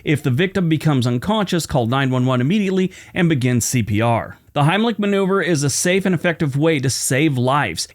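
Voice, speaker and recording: A man hosting a casual history show with a slight lisp after dental work, mixing read facts with chatty personal asides. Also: a little high. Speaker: host.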